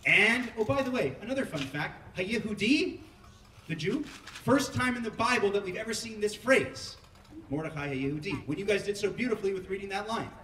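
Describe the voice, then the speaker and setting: Joking high-voiced rabbi in an echoey sanctuary. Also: male voice, expressive, moderate pace, bright, forceful tone, slight background noise. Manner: joking, teasing, audience-prodding. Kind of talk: playful Megillah reading with asides to the congregation. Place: synagogue sanctuary. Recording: echoey hall heard from far off.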